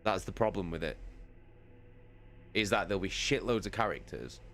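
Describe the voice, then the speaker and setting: A man's voice: sits low, normal speed, gravelly, fairly bright tone, a little hiss or hum. A man chatting casually with his live-stream viewers, swearing freely and laughing between lines. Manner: sweary, chatty, laughing, greets chat by name. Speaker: livestreamer.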